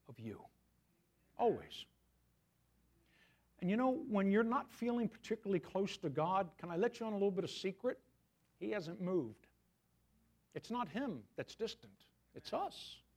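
A male pastor preaching a sermon in a conversational way, often asking his listeners questions. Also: sits high.

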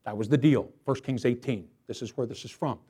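A male pastor preaching a sermon to his church, telling a story in an animated, storytelling way. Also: mid-range voice, a little fast, slightly rough.

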